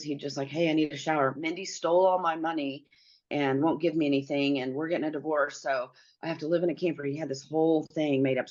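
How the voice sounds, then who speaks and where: Speaking as an interview guest, a middle-aged woman with a deep, low voice tells a personal story. She is earnest and performs the lines she quotes, and the recording comes across as dull, lo-fi, and slightly mellow.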